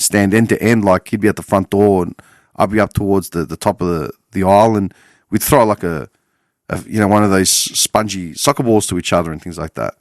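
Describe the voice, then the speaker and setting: A man in his forties from Australia rambles through a casual podcast monologue, swearing freely and correcting himself as he goes. His voice sits fairly low, and he is recorded close and dry, with little room sound.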